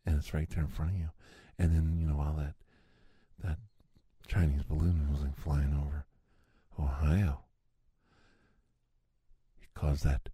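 A man's voice: rumbling low, warm tone, slightly rough, no echo, studio quality. A man in a rambling conspiracy-style comic monologue who keeps saying "see?" and drops into sudden whispers.

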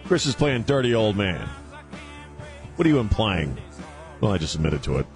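A man's voice: fairly low pitch, big pitch swings, gravelly, soft background music. An older man hosting a talk radio show, joking about himself and then telling a news story with many fillers. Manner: joking and self-mocking, halting with many fillers when reading stories. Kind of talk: casual talk radio banter and news commentary. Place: radio studio. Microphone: studio microphone.

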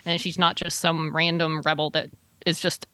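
Chatty woman with a low voice, dry sound. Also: little pitch movement, normal speed, pushed and bright, dry recording. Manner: chatty, rambling with many fillers and restarts. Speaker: podcast host recapping a TV episode. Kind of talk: casual chat.

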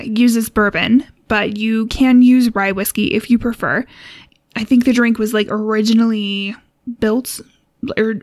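A young woman with a fairly high voice walks through a cocktail recipe in a relaxed podcast chat. She laughs often and fills pauses with "um" and "like". The recording is close and dry. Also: no room sound. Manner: relaxed, giggly, lots of fillers. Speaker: co-host.

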